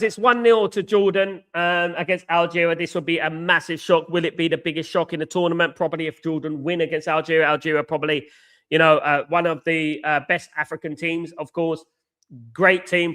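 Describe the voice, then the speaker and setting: A man with a somewhat high voice hosts a live football watchalong and rants at his viewers. He sounds worn out and frustrated, circling back to the same points with plenty of ums and restarts. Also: pushed and bright. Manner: frustrated, repetitive ranting with many fillers. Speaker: host of a football fan channel.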